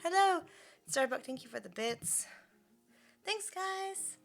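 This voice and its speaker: A woman livestreaming, chatting casually, thanking subscribers and talking in a high sing-song baby voice to her dog. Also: animated, slow pace, vocal fry, faint music behind.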